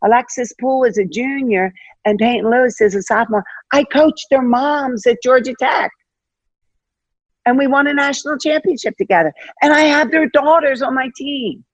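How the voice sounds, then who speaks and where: An older woman, a head basketball coach, chatting as an interview guest, telling stories in an animated way with lots of fillers and acted-out quotes. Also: sits high, moderate pace, no echo. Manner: animated, acts out quoted dialogue, many fillers. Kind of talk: casual interview storytelling.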